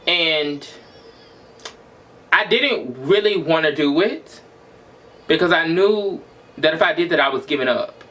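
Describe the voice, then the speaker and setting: A man's voice: on the high side, expressive, a little slow, long pauses, bright, forceful tone. A man in his twenties venting in a raw, emotional, profane personal monologue for his vlog. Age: 20s. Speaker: vlogger.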